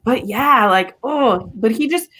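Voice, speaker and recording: A woman's voice: on the high side, lively intonation, measured pace, sharp tone, husky. Woman, host, casual live chat, enthusiastic, laughing, video call.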